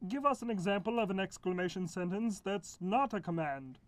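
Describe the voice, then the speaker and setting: A woman doing a calm punctuation pal in a children's lesson skit who explains things patiently and hums between thoughts. The voice sits at a middle pitch. The sound is dry and close. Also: fairly quick, dry recording, natural voice. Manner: patient, explaining, humming "hmm" often. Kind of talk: children's educational puppet skit.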